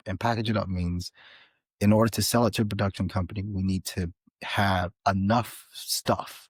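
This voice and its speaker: Man, podcast guest, low voice, slightly husky, dry close sound, animated storytelling. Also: moderate pace, dry recording. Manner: animated, many restarts and fillers. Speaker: podcast guest, author and filmmaker. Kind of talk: casual interview storytelling.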